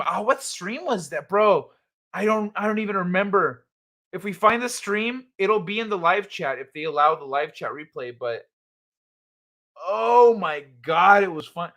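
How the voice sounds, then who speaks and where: High, bright-voiced man hosting a livestream. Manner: laughs a lot, swears, quotes people in animated voices. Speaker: livestream host. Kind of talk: casual chat with live chat.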